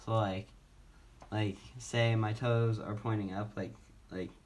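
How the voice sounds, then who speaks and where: A man's voice: fairly low pitch, flat delivery, slow, darkish tone. A young man casually telling a personal story on his vlog, rambling with many fillers and restarts, speaking from a wheelchair at home. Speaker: vlogger.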